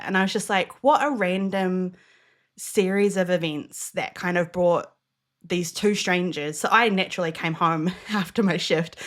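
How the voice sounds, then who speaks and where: She's a young New Zealander and podcast co-host, speaking with a New Zealand accent as she relates a spirited story in easygoing conversation. Acting out dialogue sends her voice noticeably higher.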